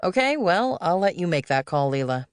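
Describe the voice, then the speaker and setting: A woman's voice: on the low side, sing-song, normal speed, clean tone, no echo, studio quality. A woman voicing a laid-back, evasive middle-aged male executive who talks in a casual, breezy way.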